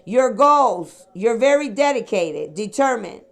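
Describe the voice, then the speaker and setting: A woman's voice: fairly high pitch, lively intonation, measured pace, vocal fry. Rambling woman giving a psychic reading. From Chicago area, USA. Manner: rambling, addresses listeners directly with "okay?" and "sweetheart". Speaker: psychic reader. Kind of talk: casual spiritual reading monologue.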